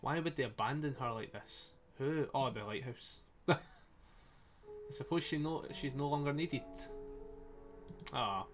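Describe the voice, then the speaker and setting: A man speaks at medium pitch, unhurried and with long pauses, his voice slightly strained. Casually playing a story game live, he jokes with chat, laughs often, and curses freely over a faint soundtrack.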